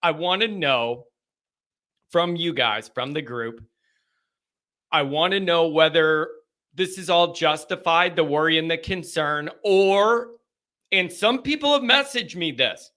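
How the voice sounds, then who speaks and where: A man hosting a live sports call-in show, talking in an animated, rambling, chatty way. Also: a little high, unhurried.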